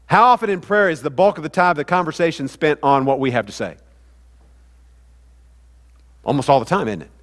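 A high-voiced male pastor delivers a sermon in a church sanctuary, repeatedly putting questions to the congregation. His words fade into a long hall reverb.

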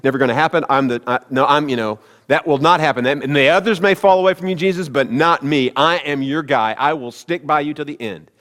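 A preacher putting on a boastful overconfident disciple. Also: male voice, a little high, a little fast, few pauses, fairly bright tone, lightly acted. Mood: insistent. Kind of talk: sermon. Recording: long hall reverb.

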